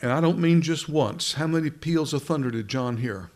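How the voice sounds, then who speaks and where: A man's voice: a little high, normal speed, a little mellow. A man preaching a sermon in a conversational way, speaking directly to his listeners and often restarting his words.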